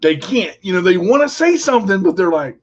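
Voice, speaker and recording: This radio talk show host speaks a little fast in a high voice with big pitch swings, a joking storyteller who stammers and restarts often while trading dry humor in casual conversation. The recording is muffled.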